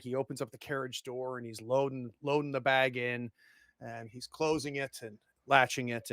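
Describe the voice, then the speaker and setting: A man narrating a tabletop game as game master, animated and laughing often. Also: mid-range voice, dry recording, studio quality.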